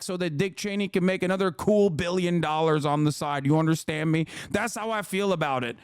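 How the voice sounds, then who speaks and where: A man's voice: sits high, normal speed, smooth, no room sound, studio quality. A man streaming casual commentary, ranting profanely with mock patriotic bravado.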